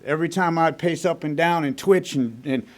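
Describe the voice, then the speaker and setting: Profane, fast-talking man from Texas. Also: fairly high pitch. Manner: blunt, profane, fast-moving storytelling. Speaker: recovery meeting speaker. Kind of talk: personal recovery story told to a meeting. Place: recovery group meeting room.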